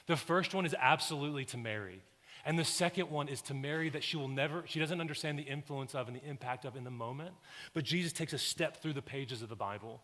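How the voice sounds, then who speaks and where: Bright-voiced pastor in a big echoing church. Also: male voice, fairly high pitch. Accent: Southern American. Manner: storytelling, swings from hushed to loud animated bursts. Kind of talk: sermon. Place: large church sanctuary. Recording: long hall reverb.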